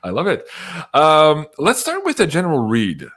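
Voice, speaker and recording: A man's voice: a little high, wildly swooping pitch, normal speed, fairly bright tone. A man hosting a casual livestream, upbeat and chatty, reading out viewers' messages and laughing often. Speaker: livestream host.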